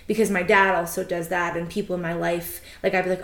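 A woman's voice: on the low side, level tone, fast, echoey room. A woman co-hosting a podcast in casual chat, speaking candidly with fillers and some swearing. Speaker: podcast co-host.

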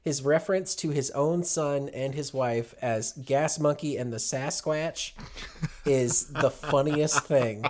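A man's voice: mid-range voice, takes it slowly, a little mellow, slight background noise. A man co-hosting a casual podcast chat about a cartoon, talking with gushing enthusiasm. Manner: gushing, enthusiastic, many restarts. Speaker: podcast co-host.

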